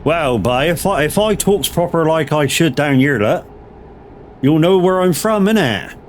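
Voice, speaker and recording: A man's voice: fairly high pitch, expressive, a little slow, slight background noise, pitched above the performer's own voice. A man hamming up a broad West Country yokel. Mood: teasing. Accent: exaggerated West Country English. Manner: teasing, exaggerated dialect.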